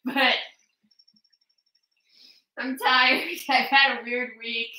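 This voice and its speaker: Young female streamer, casual gaming chat, bright tone, stammery and giggly; roomy echo, faint music bed. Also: on the high side, little pitch movement, drawn-out words, distant mic. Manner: giggly, breathless after a laughing fit, stammering restarts. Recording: echoey room with faint music.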